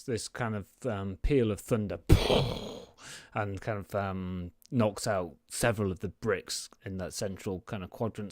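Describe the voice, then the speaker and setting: A man's voice: fairly low pitch, no echo, studio quality. A man running a tabletop game as game master, describing scenes in a hesitant way with many fillers.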